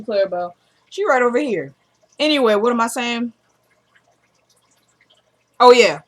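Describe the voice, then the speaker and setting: A woman's voice: on the high side, animated, unhurried. Chatty woman recapping a TV episode. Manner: retells dialogue, dropping to a quieter voice for quoted characters; chatty, loose, with frequent asides to viewers. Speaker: vlogger recapping a TV drama episode. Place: at home.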